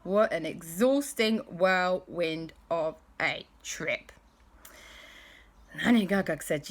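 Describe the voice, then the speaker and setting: A woman telling a bedtime story in an animated way, with sound effects. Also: fairly low pitch, slow pace.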